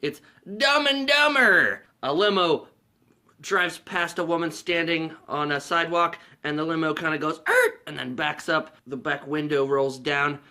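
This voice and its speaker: A man's voice: fairly high pitch, fairly even intonation, normal speed, sharp tone. A man hosting a casual movie review vlog, recapping scenes in a rambling, profane way and laughing along.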